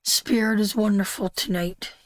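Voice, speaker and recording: A woman's voice: medium pitch, fairly even intonation, moderate pace, no echo. A middle-aged woman from Canada giving a live tarot reading, emotional and heartfelt, repeating phrases for emphasis. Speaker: tarot reader hosting a live stream.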